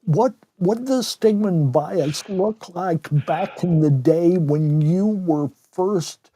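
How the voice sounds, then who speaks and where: Slow, mellow-voiced male host. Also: high voice. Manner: slow, reflective questioning. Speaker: podcast host. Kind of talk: conversational interview.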